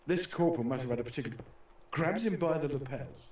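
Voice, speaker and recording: A man's voice: a little high, animated, fast talker, a little mellow, heavy reverb, distant mic, a little hiss or hum. A middle-aged British man hosting a casual talk show, telling stories in a rambling way with many restarts and fillers. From Britain. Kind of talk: casual chat.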